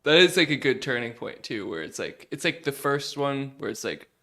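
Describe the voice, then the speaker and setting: A man's voice: mid-range voice, big pitch swings, moderate pace, fairly bright tone. A man hosting a casual podcast, easygoing as he steers the talk. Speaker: podcast host. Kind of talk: casual chat.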